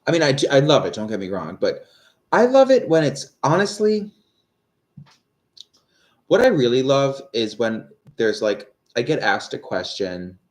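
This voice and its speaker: A man's voice: mid-range voice, huge pitch swings, measured pace. A man in his thirties giving live-stream tarot readings, rambling and hesitant with many fillers. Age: 30s. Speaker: tarot reader.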